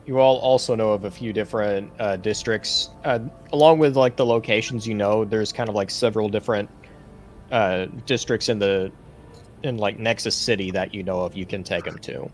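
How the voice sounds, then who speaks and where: Low-voiced man running a tabletop game. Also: moderate pace, soft background music. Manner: relaxed, descriptive, many fillers. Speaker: game master.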